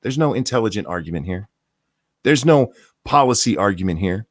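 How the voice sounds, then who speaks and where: A man's voice: on the low side, lively intonation, brisk, no room sound, studio quality. A man hosting a show, delivering a profane, heated political rant with mocking outbursts. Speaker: host.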